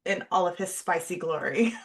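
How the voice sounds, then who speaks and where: A woman's voice: fairly low pitch, expressive, moderate pace. A woman co-hosting a podcast in casual chat, wry and joking, with lots of "like". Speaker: podcast co-host.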